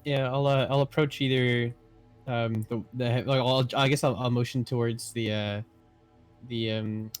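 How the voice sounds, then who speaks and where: A man's voice: mid-range voice, flat delivery, measured pace, smooth, faint music behind. A man playing a tabletop game, chatting casually and stammering often. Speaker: player. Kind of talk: casual chat.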